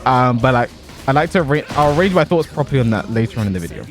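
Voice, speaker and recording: A young man chatting casually about a fighting game while he plays, animated and given to exaggeration, laughing at himself now and then. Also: medium pitch, rapid-fire, soft background music. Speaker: pro fighting game player and content creator. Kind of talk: casual commentary over gameplay.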